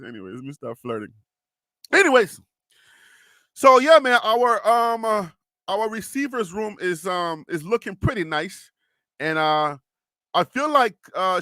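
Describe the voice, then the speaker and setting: Bright, high-voiced young man hosting a stream. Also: no echo, clean studio sound. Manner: chatty, reads viewer comments aloud and laughs often. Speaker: live-stream host. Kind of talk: casual sports live-stream chat.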